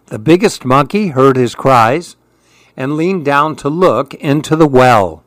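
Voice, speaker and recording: A man reading children's storybooks aloud with an expressive, lilting delivery. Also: medium pitch, takes it slowly, no room sound.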